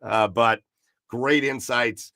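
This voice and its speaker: A chatty man hosts a relaxed sports talk show. His tone is bright and forceful, and he rambles along with plenty of fillers and repeated words. The sound is dry and close, with no room echo. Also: mid-range voice, slow pace. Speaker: podcast host.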